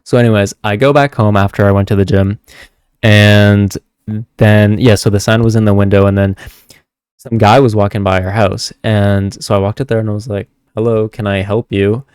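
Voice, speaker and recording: A young man telling a story to camera in a casual vlog, animated, swearing freely and talking straight to his viewers. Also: fairly low pitch, moderate pace, smooth, no echo, studio quality. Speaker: spiritual content creator.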